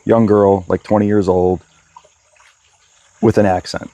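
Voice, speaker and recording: A middle-aged man co-hosting a podcast, telling an anecdote in a relaxed way. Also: on the low side, measured pace. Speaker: podcast co-host. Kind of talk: casual storytelling chat.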